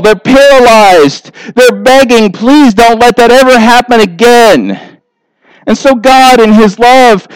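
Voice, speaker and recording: A pastor preaching a sermon with animated delivery, briefly acting out the voices of people he describes. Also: extremely high pitch, clear, resonant tone, no echo, low-quality recording.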